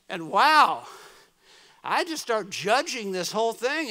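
A middle-aged American man with a high-pitched voice preaches a sermon as a guest speaker in a church. He tells a story, swinging between soft murmurs and loud exclamations.

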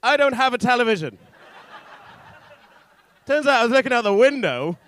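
A man's voice: very high voice, animated, moderate pace, fairly bright tone. A young man performing a stand-up set on a comedy club stage, rambling and self-deprecating, swearing a lot between fillers.

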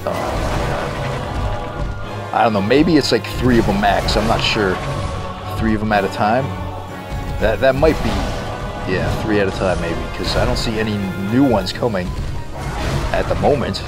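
A man's voice: on the low side, moderate pace. A young man giving profane, exasperated, sarcastic gameplay commentary, his voice cracking. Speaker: let's play gamer. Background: game music.

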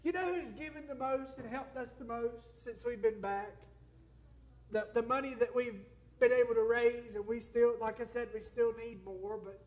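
A man's voice: extremely high pitch, fairly even intonation, normal speed. A man who is a missionary pastor, preaching an emotional testimony and calling out to the congregation for amens. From United States. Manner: emotional, tearful at times, calls out for amens. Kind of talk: sermon testimony.

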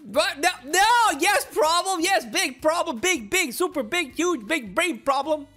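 A shrieky, frantic male cartoon hedgehog, as a woman puts him on, high and bright, his voice jumping wildly up and down. He keeps begging to be left alone in this improvised game role-play. Faint game music plays underneath. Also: animated, unhurried, exaggerated voice. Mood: exasperated.

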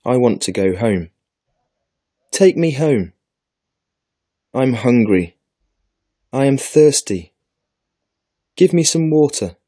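A man's voice: lowish voice, expressive, takes it slowly, pauses often, mellow, dry recording, clean studio sound. A man voicing a thirsty little girl who pouts and complains. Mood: whiny. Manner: pouting, complaining.

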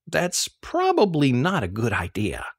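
A man's voice: medium pitch, huge pitch swings, unhurried, husky, full character voice. A man voicing a doubtful adult woman on the phone, speaking in a hesitant way.

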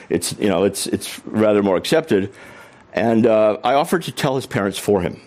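Middle-aged male speaker, humorous storyteller, very animated pitch, acts out quoted voices. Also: normal speed. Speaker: author and speaker. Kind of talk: storytelling talk to an audience.

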